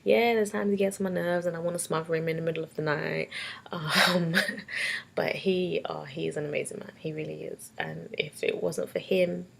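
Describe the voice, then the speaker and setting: A woman's voice: low-pitched, fairly even intonation, moderate pace, a little hiss or hum. A young woman with a London accent, telling personal memories in a casual vlog, tearful and laughing by turns. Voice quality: husky and gravelly. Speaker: vlogger. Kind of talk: emotional personal storytelling.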